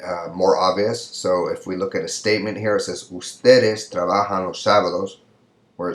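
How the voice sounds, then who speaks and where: Deep-voiced man lecturing in an echoey room. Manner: slow and careful, drawing out example sentences to show rising pitch. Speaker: Spanish lecturer. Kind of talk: recorded video lecture.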